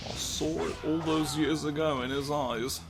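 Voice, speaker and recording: A gameplay commentator does a comedic let's play, rambling absurdly, swearing often, and breaking into sudden silly voices. His voice sits on the high side with a steady tone and normal speed. Loud game music plays behind him amid a noisy background.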